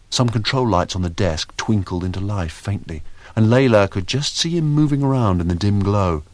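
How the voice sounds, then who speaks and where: Low male voice, lively wry storytelling, audiobook narration, dry close sound. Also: normal speed, no room sound.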